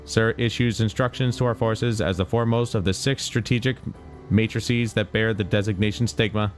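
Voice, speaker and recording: A man voicing a male combat robot soldier in a mechanical monotone while reading game dialogue aloud. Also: fairly low pitch, normal speed, soft background music, natural voice. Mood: robotic.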